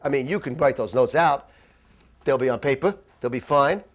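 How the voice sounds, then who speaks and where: A man teaching a jazz masterclass in a conversational, animated way, tossing in acted asides, in a dry room. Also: medium pitch, normal speed, faint music behind. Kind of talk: masterclass lecture. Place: dry room with little reverb.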